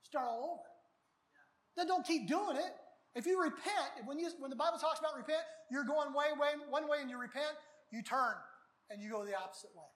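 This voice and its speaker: Middle-aged pastor, folksy and lively, preaches at a baptism and now and then shouts to the crowd. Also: male voice, very high-pitched, a little fast. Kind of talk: outdoor baptism sermon.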